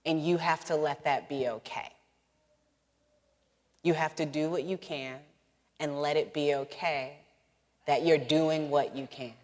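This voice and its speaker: A woman's voice: deep voice, a little mellow. Earnest woman author in a reverberant hall. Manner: earnest, laughs often. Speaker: visiting author answering audience questions. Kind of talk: live talk and Q&A. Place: large hall before a masked audience.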